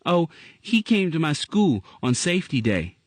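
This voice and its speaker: A man's voice: fairly high pitch, big pitch swings, normal speed, no room sound, voice pushed up. A man reading aloud voices a timid little girl with a small, pleading delivery.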